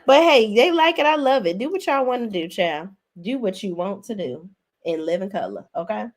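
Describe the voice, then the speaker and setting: A woman hosting a casual reality TV recap, sassy and expressive, laughing often, with big swings in pitch. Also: normal speed, a little hiss or hum. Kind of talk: casual commentary with live chat.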